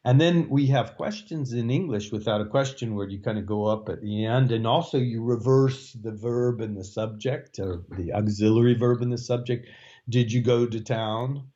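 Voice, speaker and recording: A man's voice: mid-range voice, normal speed, few pauses, mellow, lo-fi sound. A man, a Russian language professor explaining his teaching in an interview, with frequent fillers and restarts. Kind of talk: interview answers.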